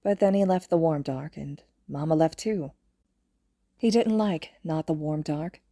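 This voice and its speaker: Low, mellow-voiced woman reading a story. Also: a little slow, no echo, clean studio sound. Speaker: podfic reader. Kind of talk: reading fan fiction aloud.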